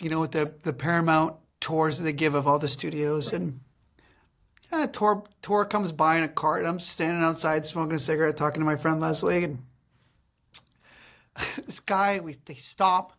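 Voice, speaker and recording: A man's voice: fairly high pitch, moderate pace, a bit bright. Male podcast host, casual, joking, self-deprecating, loose profanity. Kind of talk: casual chat.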